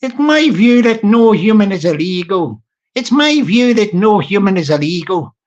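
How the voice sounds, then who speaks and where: A man's voice: high-pitched, big pitch swings, moderate pace, a little mellow, highs cut off. A man voicing a South Dublin Irishman in a put-on Irish accent, repeating one line to get the tone right. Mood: earnest. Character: South Dublin man stating his political view.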